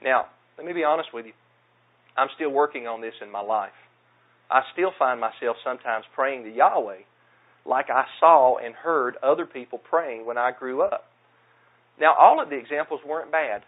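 Earnest Southern preacher, tinny sound. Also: male voice, medium pitch, lively intonation, moderate pace. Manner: earnest, plain-spoken, self-deprecating. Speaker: pastor. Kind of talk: sermon.

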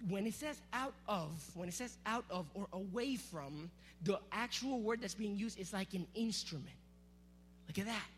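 A man preaching to a youth group, energetic and teasing, calling out to the crowd. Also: sits high. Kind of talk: sermon with object lesson.

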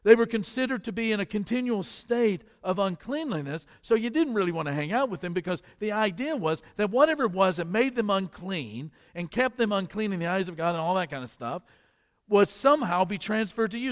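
High-voiced man preaching in a reverberant hall. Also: lively intonation, fairly quick. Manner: leads the congregation in call-and-response; retells scripture with vivid storytelling asides. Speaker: pastor. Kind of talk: sermon.

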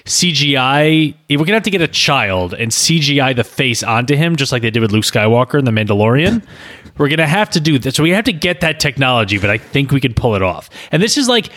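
A co-host and script writer with a medium-pitched voice talks quickly, rambling and stammering through a chat about a comedic script read-through. His manner is earnest and deadpan.

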